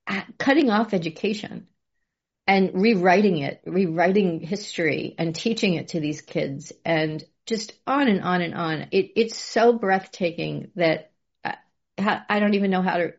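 A woman's voice: lowish voice, measured pace. Mid-aged woman rambling on, kinda emotional, lo-fi muffled audio. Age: middle-aged. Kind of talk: casual conversation.

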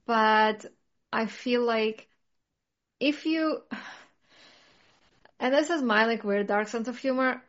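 Earnest woman with a slightly high voice. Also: slow pace, long pauses, highs cut off. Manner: earnest, reflective, many "like" fillers. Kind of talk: casual chat.

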